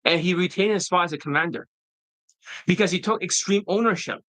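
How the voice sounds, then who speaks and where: Bright, combative male dating coach. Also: high voice, brisk, no echo, poor audio. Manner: profane, combative, mocking. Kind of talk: casual ranting monologue.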